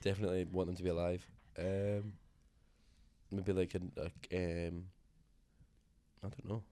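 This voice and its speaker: A man's voice: low voice, level tone, unhurried, warm tone. A man being interviewed as a singer, talking casually in a rambling, self-deprecating way with many fillers and restarts.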